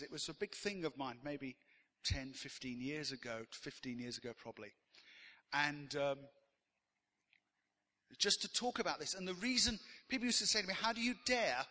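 A man's voice: a little high, bright, forceful tone, in a large hall. A man preaching a sermon as pastor, telling stories in a conversational way with frequent "uh" fillers.

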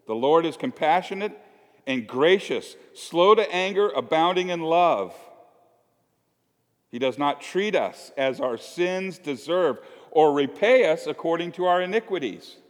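Joking pastor in an echoey church. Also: male voice, on the high side, animated, measured pace. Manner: chatty and joking, acts out little scenes. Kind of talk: conversational sermon. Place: church sanctuary.

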